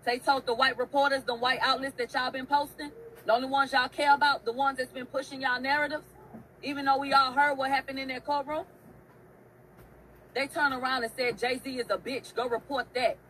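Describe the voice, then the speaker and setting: A woman's voice: high-pitched, little pitch movement, fairly quick, sharp tone, a little hiss or hum, low-quality recording. A woman hosting an online show, telling a story in a casual, emphatic rant. She swears often and repeats phrases for effect.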